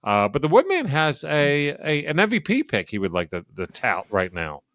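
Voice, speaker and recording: Male podcast co-host, lively swooping delivery, casual and profane, dry close sound. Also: fairly high pitch, moderate pace, dry recording. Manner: animated, profane, stumbles and repeats words. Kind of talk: casual sports betting chat.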